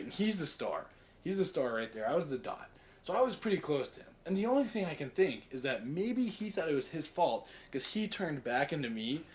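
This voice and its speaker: Young man in a rambling devotional chat. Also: a little high. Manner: rambling storyteller, heavy use of "like" and "right?". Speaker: student giving a devotional. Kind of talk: casual devotional talk.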